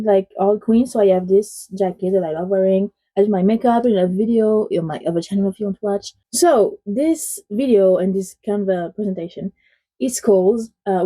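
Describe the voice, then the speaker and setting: Brief: French woman, native French, chatty YouTube film reviewer, warm dark relaxed voice. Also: medium pitch, low-quality recording. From France. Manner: chatty and rambling, many "like" fillers. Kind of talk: casual spoken film review.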